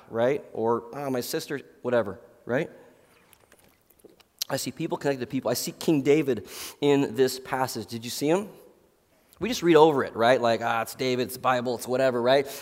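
Speaking at medium pitch in what sounds like a big room, a middle-aged pastor delivers a sermon. His storytelling is loose and casual, wandering along with plenty of fillers.

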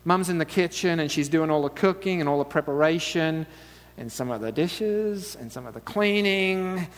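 A man delivers a relaxed, conversational sermon, mixing storytelling with light asides and frequent chuckles. He keeps drawing the audience in with quick questions. The sound has a long reverb, like a large church hall. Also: fairly high pitch. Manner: chatty, asks the audience "right?", laughs often. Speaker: preacher.

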